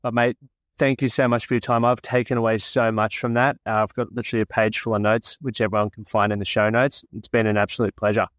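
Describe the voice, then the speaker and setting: A man's voice: lowish voice, little pitch movement, fast talker, fairly bright tone, no room sound, studio quality. Friendly male podcast host. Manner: friendly, thankful, informal. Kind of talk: casual interview wrap-up and scripted outro.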